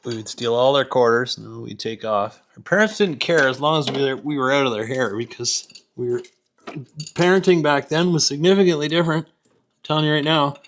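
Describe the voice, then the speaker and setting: A man's voice: mid-range voice, a little fast, fairly bright tone, slight background noise. A middle-aged man in a garage, rambling and joking at his own expense while he mutters through a repair under an old vehicle. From Canada. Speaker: home mechanic host. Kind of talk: casual workshop vlog. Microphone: camera set up nearby.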